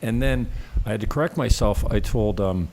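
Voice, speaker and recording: Rambling Canadian man, lowish voice. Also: normal speed, darkish tone. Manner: rambling storyteller, swears, laughs often. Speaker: host. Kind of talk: casual live-stream chat.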